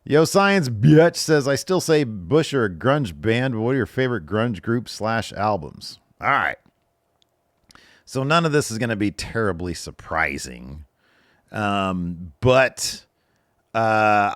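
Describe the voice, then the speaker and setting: Reading out questions from viewers, this podcast host in his thirties jokes his way through the answers in a relaxed solo chat. He has a fairly low voice, captured in a dry, clean studio recording.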